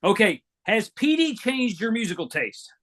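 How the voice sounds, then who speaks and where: A man's voice: high voice, big pitch swings, normal speed, a bit bright. A middle-aged man hosting a podcast, joking around playfully and asking loose, casual questions. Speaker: podcast host.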